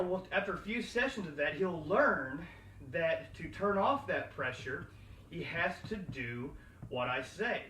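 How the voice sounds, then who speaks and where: A calm man talking through his dog-training method in a somewhat raised voice. His voice carries an echo, as if the mic sits back across an indoor room, with a faint hum of ambience under it. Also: a little high, distant mic. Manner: calm, explanatory, praising a dog in a slow sing-song. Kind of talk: instructional video talk. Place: inside a house.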